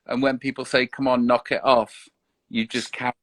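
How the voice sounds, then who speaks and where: A man's voice: medium pitch, flat delivery, moderate pace, a bit bright, no echo. Hesitant man, dry sound. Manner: hesitant, stumbling restarts. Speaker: guest. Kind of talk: casual live-stream chat. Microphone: online live video call.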